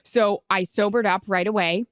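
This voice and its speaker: A woman co-hosting a podcast, telling an animated personal story in casual chat and acting out the quoted voices. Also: medium pitch, normal speed, no echo, studio quality. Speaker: podcast co-host.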